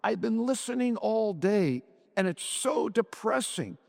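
A man's voice: lively intonation, unhurried, gravelly, darkish tone, long reverb tail, exaggerated voice. A man voicing a frantic, tearful housewife. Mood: sobbing. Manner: pleading, breathless and pitched up. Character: distraught female housewife, anxious and tearful. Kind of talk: dramatic reading of a short story.

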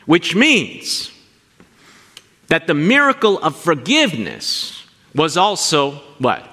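A man preaching a sermon, animated and asking his listeners questions as he teaches. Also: a little high, slow, in a large hall. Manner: animated, asks the congregation questions. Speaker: pastor.

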